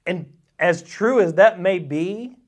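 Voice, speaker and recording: A man's voice: high voice, slow pace. A man teaching a Sunday school Bible lesson, conversational and folksy, acting out quotes with a rising voice. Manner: animated, acts out quotes with a rising voice.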